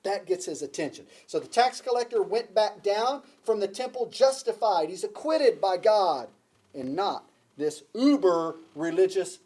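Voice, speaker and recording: A man's voice: high-pitched, animated, a little slow, a little mellow. A man preaching a sermon to a congregation, emphatic, repeating key phrases and asking the listeners questions. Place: church before a congregation.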